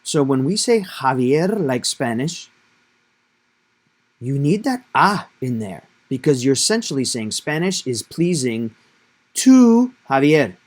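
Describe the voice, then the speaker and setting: A man's voice: mid-range voice, animated, measured pace. A man teaching a Spanish grammar lesson, explaining patiently and step by step, stressing key points.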